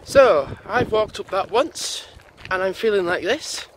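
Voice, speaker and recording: A man's voice: sits high, lively intonation, a little slow. A man, vlogging casually and rambling aloud as he walks outdoors. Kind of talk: casual walking vlog chat. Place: outdoors on a lane by a busy road. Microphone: handheld camera while walking. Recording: wind and traffic noise outdoors.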